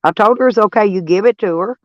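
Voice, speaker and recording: A woman's voice: medium pitch, fast talker, no room sound, muffled recording. A woman hosting a casual livestream chat from her van, blunt and crude, laughing often. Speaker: livestream host.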